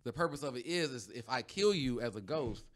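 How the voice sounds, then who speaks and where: A man's voice: medium pitch, lively intonation, brisk. A man co-hosting a podcast, chatting casually in a loose, rambling way with lots of fillers and restarts. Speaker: podcast co-host. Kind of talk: casual chat.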